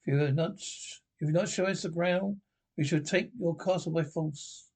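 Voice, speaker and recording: A proud, earnest king of legend speaks in formal, commanding tones, as a man plays him. His voice sits a little high, and he stays stiffly dignified throughout. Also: normal speed, darkish tone, husky.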